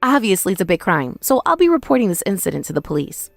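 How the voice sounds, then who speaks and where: A woman's voice: medium pitch, big pitch swings, fast, vocal fry, no echo, studio quality, soft background music. A young woman telling a first-person dramatized story in an indignant, accusing manner. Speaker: narrator and protagonist.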